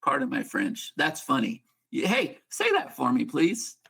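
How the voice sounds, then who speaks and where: Host, man, joking folksy teacher, gravelly and bright, on a video call. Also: mid-range voice, huge pitch swings, measured pace. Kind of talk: casual teaching on a group call.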